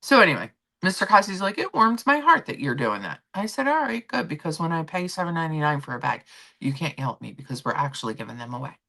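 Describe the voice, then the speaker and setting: Low-voiced chatty woman with lively swings. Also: fast talker, gravelly. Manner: chatty storyteller acting out quotes. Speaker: stream host. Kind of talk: casual chat.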